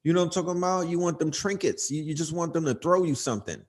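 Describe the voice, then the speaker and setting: Male livestream host, slightly high voice, emphatic and profane casual rant. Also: fast talker, a little mellow. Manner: emphatic, profane, repeats "you know what I mean".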